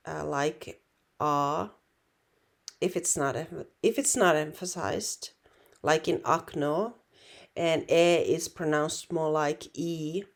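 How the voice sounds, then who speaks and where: A woman with Finnish as her first language, teaching a relaxed online language lesson in an unhurried, reassuring way. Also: deep voice, creaky. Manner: unhurried, reassuring, many fillers and restarts.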